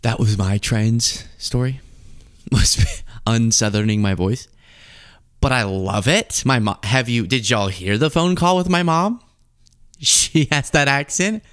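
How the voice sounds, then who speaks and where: A man from the American South hosting a casual political commentary show, animated and jokey as he reads chat comments. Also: smooth, no room sound, clean studio sound. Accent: General American, Southern accent mostly lost. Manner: animated, jokey, rapid shifts in pitch.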